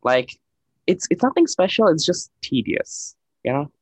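A man's voice: on the high side, sing-song, measured pace, breathy edge, no echo, low-quality recording. Joking young male podcast co-host. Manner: joking, casual, swears freely, many fillers. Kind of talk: casual chat.

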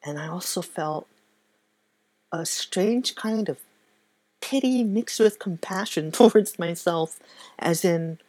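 Slow, soft-spoken woman giving testimony. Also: lowish voice, no room sound. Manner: soft-spoken, halting and reflective. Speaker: speaker sharing a faith testimony. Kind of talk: personal testimony.

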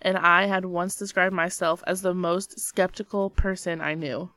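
A woman's voice: on the low side, steady tone, normal speed, a bit bright, dry recording. A young adult woman, a podcast co-host, reading a scary story aloud with dramatic storytelling and nervous laughter.

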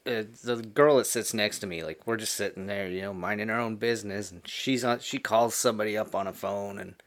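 A man's voice: fairly low pitch, fairly even intonation, brisk, fairly bright tone. A man in casual chat as a podcast co-host, telling anecdotes and laughing along.

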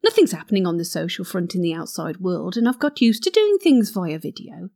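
A woman's voice: on the low side, sing-song, brisk, vocal fry, mellow, heavily acted. A woman playing a flirty gossip. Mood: chatty. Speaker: comic monologue character. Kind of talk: comic character monologue.

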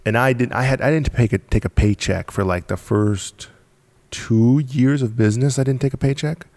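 A man from the United States who founded an apparel company appears on a podcast, telling his story casually and bluntly while swearing now and then and laughing between points. His pitch is medium, his speed normal, and his tone darkish in a dry recording.

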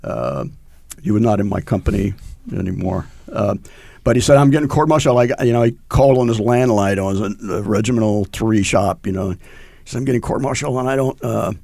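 A man's voice: on the low side, animated, fairly quick, gravelly, mellow, dry recording. An older man, a veteran, recounting his war experiences in a rambling, conversational interview with frequent fillers and restarts. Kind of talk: conversational recollection.

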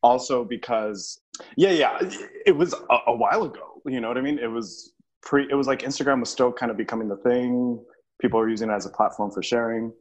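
A man who is a guest on a podcast, telling his story in an expressive, earnest and rambling way. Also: mid-range voice, brisk, low-quality recording. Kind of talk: casual interview conversation.

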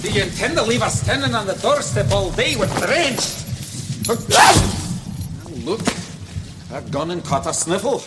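A prim, fussy castle butler speaks high and slowly, sniffing with indignation at callers on his doorstep. Loud noise from the film clip crowds the sound. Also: big pitch swings. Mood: huffy. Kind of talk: film dialogue.

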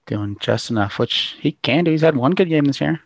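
A man co-hosting a casual chat, easygoing and quick to chime in with agreement. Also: on the high side, animated, gravelly, no room sound, clean studio sound. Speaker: co-host.

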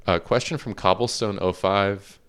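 A man with a low, smooth, resonant voice hosts a livestreamed podcast in casual chat. He reads out viewer questions and laughs often. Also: fairly even intonation, normal speed, fairly bright tone. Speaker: podcast host.

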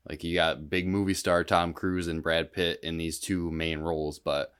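Male podcast co-host, deep and smooth, easygoing. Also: moderate pace. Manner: relaxed, filler-heavy storytelling. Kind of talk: casual chat.

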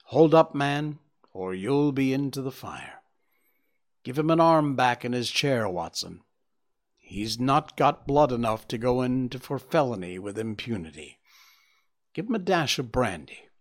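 In an audiobook reading, a man with a mid-range voice plays a sharp, self-assured middle-aged gentleman detective. He's brisk and commanding, cheerfully authoritative and lightly mocking, with a lively delivery that rises and falls.

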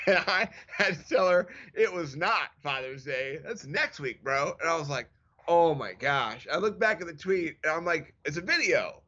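Animated, bright-voiced male podcast host. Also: fairly high pitch, moderate pace, muffled recording. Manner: animated storytelling, self-mocking. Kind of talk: casual chat.

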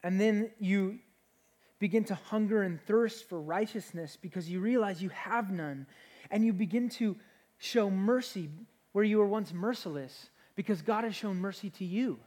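Energetic young man preaching a sermon. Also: sits high, normal speed. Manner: energetic, conversational, with restarts and laughs. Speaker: pastor.

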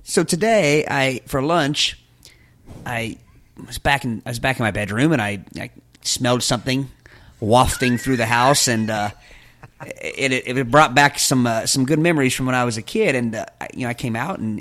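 A man's voice: medium pitch, a bit bright. Chuckling man teasing his podcast friends. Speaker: podcast co-host. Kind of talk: casual chat.

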